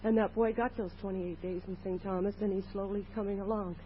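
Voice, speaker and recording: A woman's voice: medium pitch, steady tone, fairly quick. A woman sharing a personal story at a recovery meeting in an earnest, plain way. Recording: dull 1980s tape with faint hiss.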